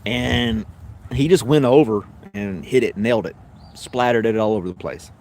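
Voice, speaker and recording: A man's voice: lowish voice, moderate pace, gravelly, darkish tone, slight background noise. A middle-aged man with a Southern American accent hosts a casual live stream, chatting with viewers and telling long anecdotes full of fillers and restarts. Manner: rambling storyteller with many fillers and self-corrections; laughs easily while telling stories.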